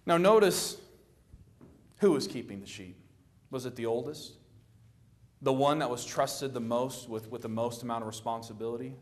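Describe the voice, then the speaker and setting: A middle-aged man preaching a sermon, telling the story with lively acted-out quotes and a plain conversational manner. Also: moderate pace, long pauses. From Florida. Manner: animated storytelling, acting out quoted lines with rising pitch.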